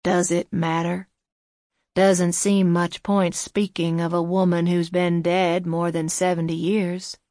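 A gruff, hoarse old man, as a female audiobook narrator puts him on, guarded and evasive, sitting low in his voice. He drags out his short replies at a very slow pace. The sound is close and dry. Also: level tone, darkish tone, dry recording.

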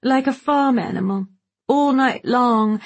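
A woman's voice: a little high, measured pace, voice pushed up. A woman voicing a tipsy, elegant society woman who giggles and speaks crudely. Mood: tipsy, giggly.

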